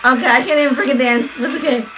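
A woman's voice: high voice, fairly even intonation, quick pace. A woman vlogging from her bedroom in a casual reaction video, chatty and swearing freely. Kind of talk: casual fan reaction vlog. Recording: pop music playing behind the voice. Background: pop music.

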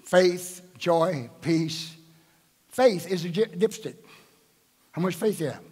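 A man's voice: high-pitched, animated, takes it slowly, a little mellow, slightly rough. An older man, a bishop, preaching a sermon at a live church service and quizzing the congregation with rhetorical questions. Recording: echoing church hall.

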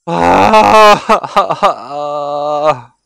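A man's voice: fairly high pitch, lively intonation, drawn-out words, creaky, clear, resonant tone, no room sound. Tipsy, exasperated young male streamer. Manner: exasperated, swearing, shouting outbursts. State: tipsy from drinking. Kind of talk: live game commentary.

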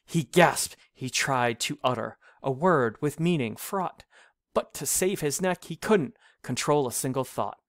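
A man reading an old rhyming storybook aloud, in a measured, sing-song delivery. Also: mid-range voice, expressive, dry recording, studio quality.

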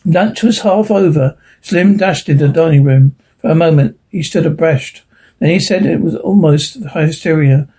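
A man's voice: fairly high pitch, normal speed, mellow, husky, poor audio. A man reading a short story aloud, often slipping on a word and correcting himself. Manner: frequent slips and self-corrections. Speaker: narrator.

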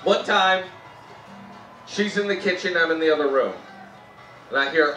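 A Canadian man performing a live stand-up set, telling animated stories about his wife and jumping into sudden high-pitched shouts when he mimics her. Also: moderate pace, long pauses. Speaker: stand-up comedian. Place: outdoor festival comedy tent. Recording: roomy live sound from a distance. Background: audience laughter and faint music.

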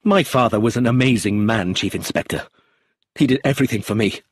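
A husky-voiced man reading an audiobook, voicing an emotional, hot-tempered middle-aged man who breaks into agitated outbursts. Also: lowish voice, a little fast, dry recording, clean studio sound. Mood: remorseful. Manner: bursts into agitated, rising outbursts.

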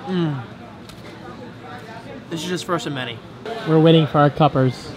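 A man filming a casual vlog at an outdoor boardwalk eatery, playful and excitable as he gushes over the food. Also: a little high, measured pace, rough recording. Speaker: vlogger. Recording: busy crowd around.

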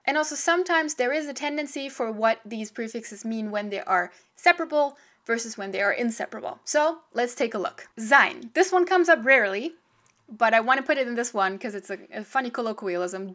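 A young woman with a slightly high, bright, forceful voice talks through a language lesson. Her delivery is chatty and lively, full of quick asides to the viewer. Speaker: language teacher. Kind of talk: casual video lesson.

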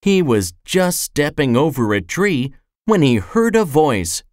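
A storyteller reading a children's storybook aloud in a slow, expressive way. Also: medium pitch, no room sound, studio quality. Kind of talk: scripted storybook narration.

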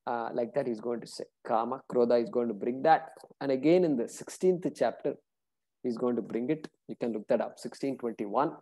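A scripture teacher in a relaxed class lecture, with a warm, mellow tone at a middle pitch. The talk moves between retelling a story and chanting verses, broken up by fillers like "uh" and "you know". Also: fairly quick.

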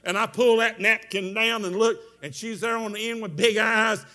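A man preaching a revival sermon, telling a story with strong emotion, moving from hushed tones to shouts. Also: high voice, normal speed, hardly any pauses. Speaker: evangelist preacher.

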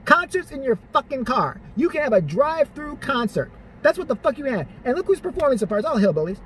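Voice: sits high, big pitch swings, fast, slight background noise. A vlogger ranting in profane, sarcastic, exasperated commentary.

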